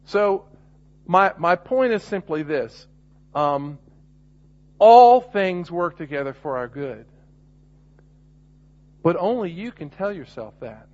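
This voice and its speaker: A man's voice: high voice, lively intonation, slow pace, pauses often, a little mellow. Man preaching on a muffled recording. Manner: earnest, rises to emphatic points, frequent restarts. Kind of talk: sermon.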